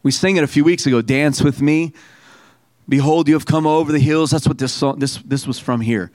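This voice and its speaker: A man preaching a sermon to a congregation. He reads scripture aloud slowly and with emphasis, and calls on the listeners to repeat lines back to him. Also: on the high side, fairly even intonation, darkish tone, no echo. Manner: preaching with call-and-response to the congregation. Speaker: pastor.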